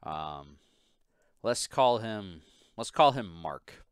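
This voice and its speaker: A man's voice: on the low side, lively intonation, extremely slow, clean tone, no room sound, clean studio sound. A man hosting a casual podcast, telling a work story in a profane, exasperated way. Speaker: podcast host. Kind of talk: casual chat.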